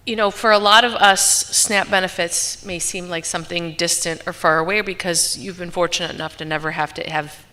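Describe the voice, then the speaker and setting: A woman's voice: fairly low pitch, pushed and bright. A woman pastor giving an informal, earnest sermon to her congregation, talking conversationally with frequent asides. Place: church sanctuary.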